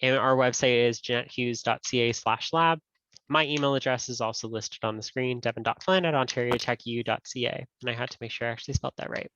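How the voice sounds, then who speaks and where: A man's voice: mid-range voice, steady tone, fast, a bit bright, no room sound. A man presenting a webinar and answering questions, in a casual, friendly way and correcting himself as he goes. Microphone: video call. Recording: dull dry audio.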